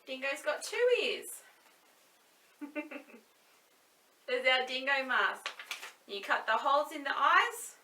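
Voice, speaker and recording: A woman's voice: sits high, lively intonation, slow, long pauses, sharp tone, slight background noise. A woman running an online story time for young children as a librarian, cheerful and sing-song, recorded in a library. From Australia. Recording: echoey room, mic at a distance.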